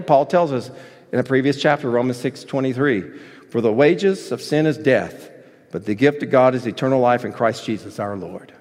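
A man preaching a sermon as pastor, emphatic, with rising shouted points and softer asides. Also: medium pitch. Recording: long reverb of a large hall.

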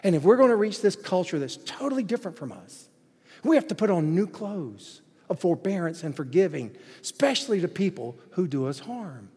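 A man preaching a sermon as pastor in a church, swinging between hushed, gentle passages and loud, excited ones. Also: high voice, fairly quick, slightly rough. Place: church sanctuary. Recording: echoey hall reverb.

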